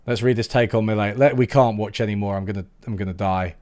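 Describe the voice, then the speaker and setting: A man's voice: fairly low pitch, steady tone, fast, darkish tone, no room sound. A young man hosting a casual live stream, sarcastic and laughing, full of restarts and trailing asides. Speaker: YouTube channel host.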